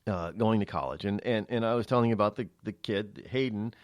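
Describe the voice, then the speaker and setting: A man's voice: on the low side, a little fast, dry recording. A man hosting a talk radio show, delivering a rambling, opinionated monologue into a studio microphone.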